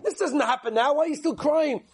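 A man's voice: very high-pitched, a little fast, pitched above the performer's own voice. A man voicing a simple male innkeeper who casually brushes off a rabbi's grief. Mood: dismissive. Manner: breezy, brushing things off.

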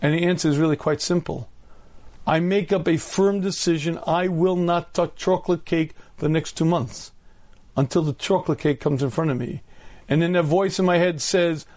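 Rabbi guy in his 50s telling stories in a lecture, keeps clearing his throat, kinda high voice. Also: fairly even intonation, moderate pace, darkish tone. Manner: humorous, acts out voices in anecdotes. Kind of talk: storytelling Torah lecture.

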